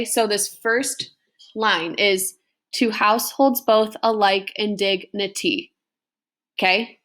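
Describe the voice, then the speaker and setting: A woman's voice: medium pitch, fairly bright tone. A young woman teacher giving a recorded class lesson, patiently explaining and checking in with "okay?" after each point.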